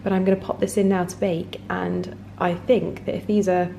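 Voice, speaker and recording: A woman's voice: on the low side, level tone, normal speed, creaky, dark tone, a little hiss or hum. A woman in her thirties chatting casually in a lifestyle vlog from her home kitchen, talking loosely with many fillers and frequent giggles. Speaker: lifestyle vlogger.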